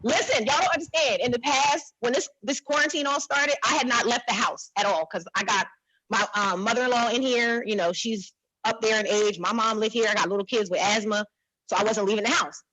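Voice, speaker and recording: A woman in her thirties from New Jersey doing a blunt, animated stand-up set, talking to the audience like a friend. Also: a little high, fairly quick, husky, no room sound, low-quality recording. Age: 30s. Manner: blunt, animated, conversational, repeats herself. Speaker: stand-up comedian.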